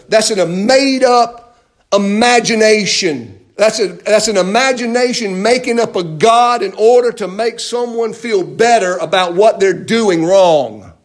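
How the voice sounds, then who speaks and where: High-voiced emphatic male preacher, slow delivery. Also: animated. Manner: emphatic, repeats phrases and asks rhetorical questions. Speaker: pastor. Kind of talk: sermon. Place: church.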